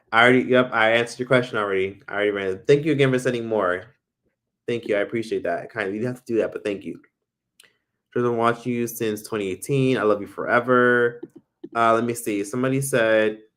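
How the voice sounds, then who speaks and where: A man's voice: lowish voice, fairly bright tone. Chatty man hosting a live stream. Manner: chatty, swears freely, reads viewer comments aloud. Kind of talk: casual live stream chat.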